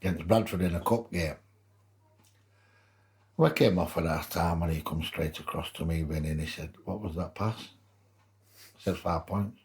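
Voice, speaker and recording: Speaking with an extremely low, slightly mellow voice, this former rugby league player from Wigan, Lancashire, England keeps his intonation fairly even. He talks at normal speed with frequent pauses. As a podcast guest, the older man laughs his way through casual anecdotes.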